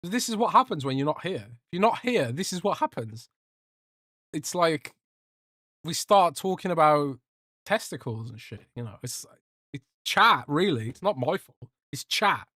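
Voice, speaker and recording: A man's voice: on the high side, sing-song, unhurried, pushed and bright, dry recording, studio quality. A young man hosting a casual livestream podcast, joking and rambling as he reads out chat. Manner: rambling, joking, swears a lot, trails off. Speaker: podcast host reading live chat.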